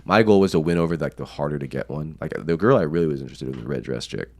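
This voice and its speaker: A young American podcast guest races through casual, profane stories, laughing often. His pitch is extremely low and darkish, with lively intonation.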